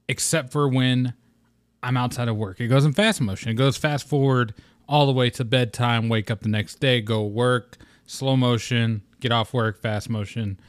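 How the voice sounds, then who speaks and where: A man's voice: mid-range voice, no room sound. A young man hosting his own gaming podcast solo, talking in a rambling, laid-back way and swearing casually. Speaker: podcast host.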